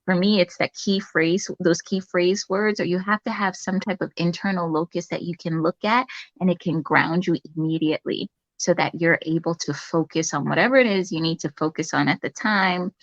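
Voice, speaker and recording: A woman who is a nurse, a guest in a casual interview chat, talking in a calm, reflective way with many fillers. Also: on the low side, moderate pace, dry recording, muffled recording.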